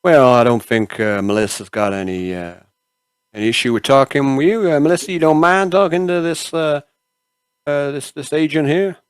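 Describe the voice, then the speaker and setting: A man's voice: a little high, normal speed, clear, resonant tone, no room sound, studio quality, voice pushed up, lightly acted. A man voicing a male ship's doctor with bad teeth who smells of moonshine, speaking in a hesitant, questioning way. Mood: wary.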